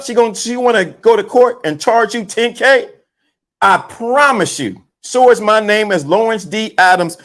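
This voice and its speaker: Male streamer with a high voice, emphatic and repetitive, riffing to his chat in casual talk. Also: moderate pace. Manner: animated, emphatic, repeats himself; greets chat viewers mid-sentence. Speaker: livestream host. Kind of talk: casual livestream commentary.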